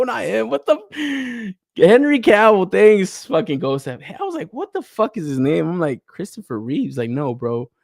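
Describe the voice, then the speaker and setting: A man's voice: on the high side, vocal fry, a little mellow, no echo, clean studio sound. A young man hosting a podcast, ranting casually to his chat, rambling, swearing and laughing as he gets worked up. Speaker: podcast host. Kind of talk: casual profane rant to a live chat.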